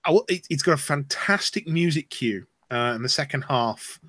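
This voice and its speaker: A man's voice: on the high side, lively intonation, normal speed, fairly bright tone, dry recording. A man hosting a podcast, chatting casually and thinking aloud as he talks. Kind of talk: casual chat.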